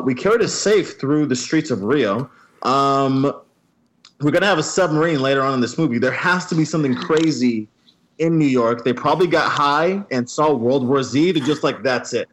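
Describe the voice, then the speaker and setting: A man with a somewhat high voice rants excitedly through a casual movie review. He piles on filler words as he talks. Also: a little hiss or hum. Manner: excitable, ranting, many "I mean" fillers.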